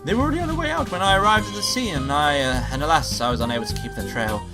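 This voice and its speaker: A man's voice: on the high side, racing, over music, pitched above the performer's own voice, lightly acted. Man doing a flamboyant show-off hero. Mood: showy. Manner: theatrical, showy, grandiose. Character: flamboyant self-styled male bird hero-detective.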